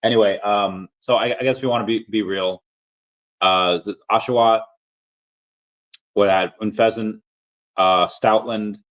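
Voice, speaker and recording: A man's voice: lowish voice, fairly even intonation, a little slow, pauses often, fairly bright tone. A man hosting a casual livestream, rambling and chatting with viewers, full of fillers and restarts. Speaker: livestream host. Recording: dull lo-fi audio.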